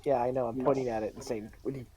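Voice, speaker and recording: A man's voice: mid-range voice, level tone, racing, mellow. A man playing a tabletop game, plainly declaring what his character does. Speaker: player.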